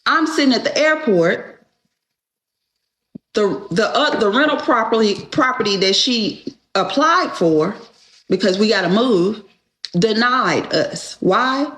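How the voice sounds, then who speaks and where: A woman's voice: fairly high pitch, expressive, takes it slowly, fairly bright tone. A woman telling a story in a casual, emphatic rant and checking in with the listener again and again. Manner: emphatic, keeps asking "okay?". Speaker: storyteller venting to viewers. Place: airport. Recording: echoey room sound.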